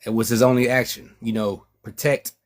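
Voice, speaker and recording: The author, a man with a mid-range, level voice, reads his own novel at a measured pace, restarting often, then chats with the people listening.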